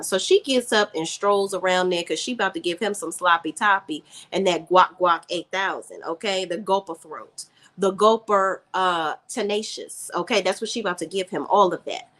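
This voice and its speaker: A woman's voice: lowish voice, moderate pace, a bit bright. A woman giving a sassy, opinionated recap of a TV episode, switching into quoted lines of dialogue. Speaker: TV show reviewer. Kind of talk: casual recap and commentary.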